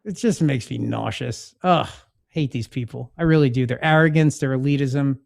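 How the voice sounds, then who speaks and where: A man's voice: medium pitch, moderate pace, gravelly. A man hosting a political talk show, sarcastic and mocking in tone. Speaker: podcast host.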